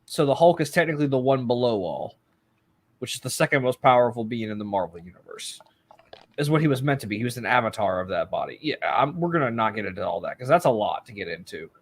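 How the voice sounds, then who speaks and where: A man's voice: mid-range voice, expressive, quick pace. Matter-of-fact man explaining comic lore. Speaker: podcast co-host. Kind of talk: casual chat.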